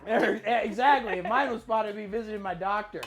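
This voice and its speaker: A woman's voice: medium pitch, brisk, music in the background. A woman hosting a casual cooking stream, playfully talking through each step as she cooks.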